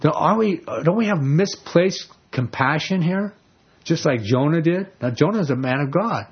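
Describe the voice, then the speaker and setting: A man teaching a Bible passage in a casual sermon, telling the story with animated energy and repeating words. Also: fairly high pitch, normal speed, slightly rough. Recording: dull lo-fi recording.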